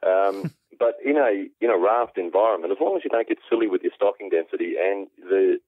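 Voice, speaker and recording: Australian man, low voice, relaxed expert guest on a tinny phone line. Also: a little fast, dry recording. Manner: relaxed, explains at length with many ums. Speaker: aquaponics specialist guest. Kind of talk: explanatory interview answers. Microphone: phone call.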